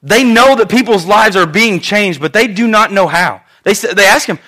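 A male pastor with a notably high, bright voice delivers a sermon. He tells the story with humor and animated voices, laughing now and then. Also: moderate pace, few pauses. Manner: jokey and lively, laughs often.

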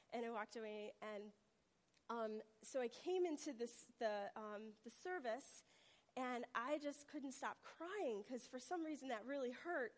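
A woman's voice: fairly high pitch, unhurried, in a large hall. A woman preaching a testimony sermon, telling a personal story earnestly and acting out the voices in it. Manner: earnest storytelling, acts out quotes with rising intensity.

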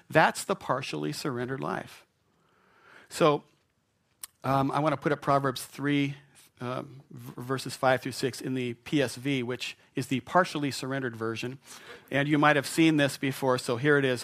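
Gravelly-voiced man preaching a sermon. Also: medium pitch, steady tone, moderate pace, a bit bright. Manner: conversational and playful, acting out doubting voices. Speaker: pastor. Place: church sanctuary.

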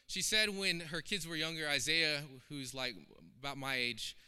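Male preacher, high and very bright voice, urgent and repetitive delivery, long church-hall reverb. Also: moderate pace, clear, resonant tone. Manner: emphatic and impassioned, with repeated phrases. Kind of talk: sermon. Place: church sanctuary.

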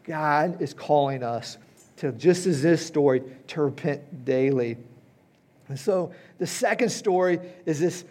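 Man, fifties, pastor, sermon, fairly high voice, conversational, keeps asking "right?". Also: lively intonation, a little slow, a little mellow. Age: 50s. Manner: conversational preaching with frequent "right?" and "okay?" checks. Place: church hall before a congregation.

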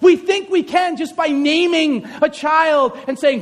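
A man giving an animated, joking sermon, acting out scenes as he tells stories, in a reverberant hall. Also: very high voice, a little slow, few pauses. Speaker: speaker, high school teacher. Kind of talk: sermon with comic storytelling.

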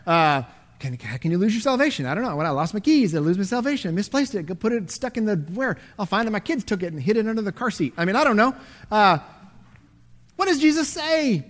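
High-voiced animated male preacher. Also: fast. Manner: animated, swinging between loud and hushed. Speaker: pastor. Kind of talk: sermon.

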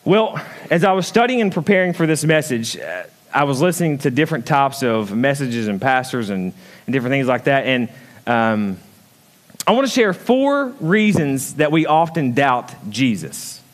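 A male pastor preaching a sermon, emphatic, swinging between loud high peaks and quiet low asides and putting questions straight to the congregation. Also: sing-song, moderate pace. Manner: emphatic preaching with big swings in pitch and loudness; calls out and questions the congregation directly.

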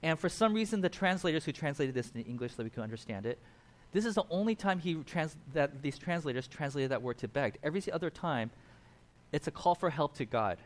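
A man preaching a casual sermon, retelling a Bible passage with lively acted-out quotes and asides. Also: fairly high pitch, a little fast. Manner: animated storytelling, acts out quotes. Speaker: pastor.

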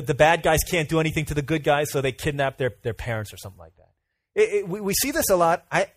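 A man preaching a casual youth sermon, telling stories in a lively way with many fillers and asides. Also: medium pitch, dry recording. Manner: animated storytelling with fillers and asides.

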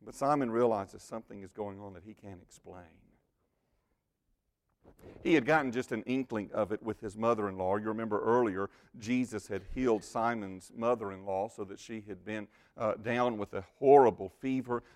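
Man preaching, hushed to booming. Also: normal speed. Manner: swings from hushed near-whispers to loud emphatic bursts; direct address to the congregation. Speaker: pastor. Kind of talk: sermon.

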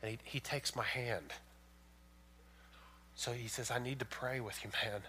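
Bright-voiced man preaching a sermon. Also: fairly even intonation, a little slow, slight background noise. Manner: emphatic, swings from loud and high to hushed storytelling. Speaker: pastor.

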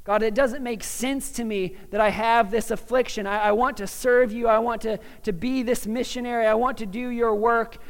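A man playing a devoted missionary earnestly imploring God for relief. His voice is high and smooth. A long hall reverb follows every line. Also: steady tone, moderate pace, hardly any pauses.

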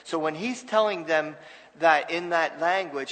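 A man's voice: on the high side, moderate pace, a bit bright, big-room sound, low-quality recording. A man preaching a sermon as pastor, earnest and conversational, with restarts and asides to the congregation.

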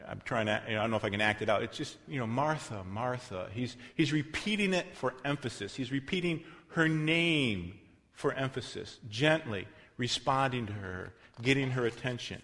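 Pastor, male, mid-pitched, conversational sermon delivery full of asides, loud then hushed, long hall reverb. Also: animated, moderate pace. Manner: conversational preaching with asides and self-corrections; swings between loud emphasis and quiet, soft passages.

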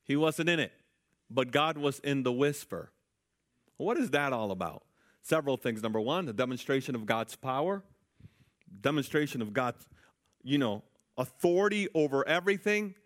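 A man preaching with emphasis from the pulpit in a voice of middle pitch. He calls out to the congregation and asks them to respond. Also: expressive, moderate pace. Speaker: pastor. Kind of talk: sermon.

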